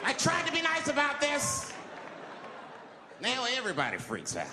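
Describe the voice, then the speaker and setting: Lively man doing stand-up in a hall. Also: moderate pace. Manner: animated, jumps into shrieking high voices for characters. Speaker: stand-up comedian. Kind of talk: stand-up comedy storytelling. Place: large hall with live audience. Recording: live hall recording with crowd. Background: audience laughter and crowd noise.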